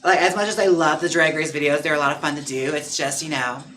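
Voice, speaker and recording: Campy, chatty drag queen, bright voice. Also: fairly high pitch, fairly even intonation, fast talker, a little hiss or hum. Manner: chatty, campy, playful asides to viewers. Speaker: drag queen livestream host. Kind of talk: casual livestream chat. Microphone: own mic.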